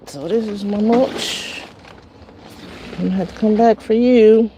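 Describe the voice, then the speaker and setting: A woman's voice: medium pitch, a little slow, mellow, slight background noise. A woman hosting a live gardening stream, chatting casually with viewers and greeting them by name as she pots a plant outside. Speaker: gardening livestream host. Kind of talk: casual live-stream chat while potting. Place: outdoor garden near a road.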